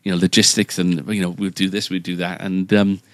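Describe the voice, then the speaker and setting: A man with a very low voice tells a story in a loose, casual chat. He rambles and restarts often, mocking himself as he goes. His voice is recorded dry and close, with no room sound. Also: level tone, fairly quick, a bit bright, no room sound. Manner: rambling, self-deprecating, many fillers and restarts. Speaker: guitar shop staff member.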